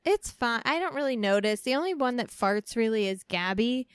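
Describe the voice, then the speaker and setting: Lively, higher-voiced woman co-host who swears freely. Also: normal speed, clear, resonant tone, no room sound, studio quality. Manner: animated, swears freely, laughs often. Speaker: podcast co-host. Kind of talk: casual chat.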